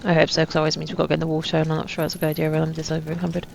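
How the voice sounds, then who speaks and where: This gaming channel host is a woman with a low, monotone, creaky voice who talks rapid-fire. She gives casual, chatty and wry commentary on her own gameplay, full of self-mocking asides. Soft music plays behind her, and the lo-fi recording sounds dull with faint ambience.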